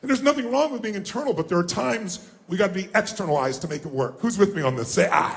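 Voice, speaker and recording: A man giving a live motivational seminar, energetic and firing questions at the audience so they call out answers. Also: high-pitched, quick pace, roomy sound. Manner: energetic, calls out questions and prompts the crowd to answer. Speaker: motivational speaker. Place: large room with a live audience.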